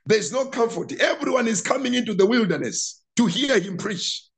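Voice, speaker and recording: A man preaching a sermon as pastor, impassioned and repeating words, building up to shouted passages. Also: high voice, sing-song, fairly quick. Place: church.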